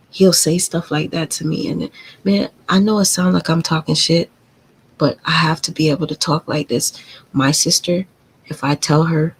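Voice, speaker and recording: A woman's voice: fairly low pitch, fairly even intonation, moderate pace, breathy edge, rough recording. A woman hosting a live stream, telling a painful family story in a candid, confiding and profane way. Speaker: livestream host.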